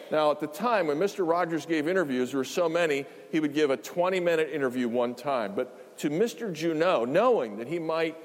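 A man's voice: a little high, expressive, fairly quick, few pauses. Preacher man in a reverberant hall. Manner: conversational, emphatic, with asides and repetitions. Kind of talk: sermon.

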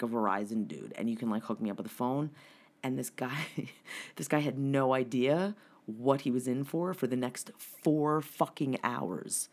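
A woman in casual chat, telling a long story bluntly and with plenty of swearing. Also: a bass voice. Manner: profane, blunt, animated retelling.

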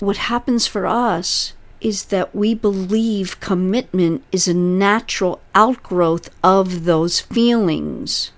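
A woman hosting as a relationship coach, advising a listener emphatically and explaining through analogies. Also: mid-range voice.

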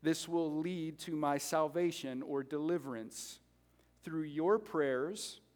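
A man preaching a sermon as pastor, animated and conversational, joking with the congregation between points. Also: on the high side, slow. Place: church sanctuary. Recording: reverberant hall.

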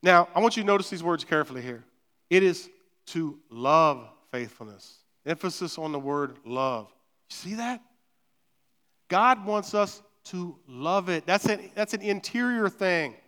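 High-voiced pastor preaching. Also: male voice, lively intonation, moderate pace, bright, forceful tone, big-room sound. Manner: conversational, repeats words, frequent "right?". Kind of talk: sermon. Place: church sanctuary.

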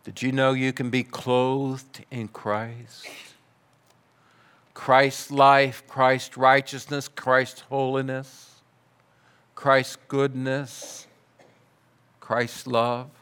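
A man preaching a sermon, telling a story in a measured way and dropping to soft, quiet passages. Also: mid-range voice, little pitch movement, smooth. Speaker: pastor.

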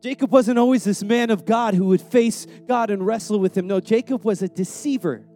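A man's voice: high voice, moderate pace, mellow, soft background music. A young adult male preacher giving a sermon in a conversational, slangy way, often repeating words.

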